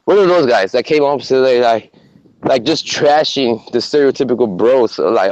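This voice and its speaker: A man on a podcast telling stories in casual chat, animated and swearing a lot. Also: mid-range voice, moderate pace, no room sound. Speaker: podcast co-host. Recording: muffled lo-fi recording with faint noise.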